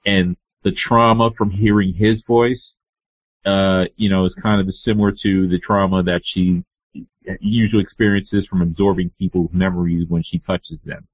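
A man co-hosting a casual comic book podcast, relaxed and full of fillers. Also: sits low, normal speed, no echo, lo-fi sound. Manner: relaxed, frequent "you know" and "uh". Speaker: podcast co-host.

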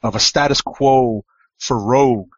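A man's voice: medium pitch, unhurried, dry recording, dull audio. Hesitant man chatting about comics. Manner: hesitant, many fillers and restarts. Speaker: podcast co-host. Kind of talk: casual comic book discussion.

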